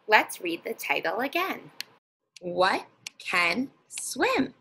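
Woman teacher, early reading lesson, lively sing-song pitch, a touch of vocal fry, drawn-out words. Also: poor audio. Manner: slow, encouraging, stretches out words for small children. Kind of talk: guided reading lesson for young children.

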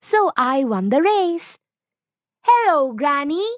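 Lady doing a high eager little storybook girl, dry close sound. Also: expressive, takes it slowly, no room sound. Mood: wondering. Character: eager young girl, Little Red Riding Hood.

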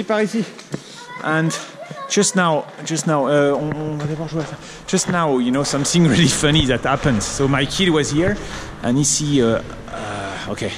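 A French vlogger with a French accent walks along a town street, rambling on with lots of fillers. His voice is fairly high and his speed normal, and the recording picks up outdoor street traffic noise.

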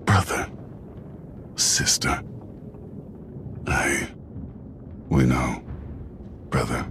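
Conflicted young emperor,, deep voice, halting delivery, brooding. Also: male voice, animated, background noise, heavily acted. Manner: terse, hesitant. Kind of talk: video game dialogue.

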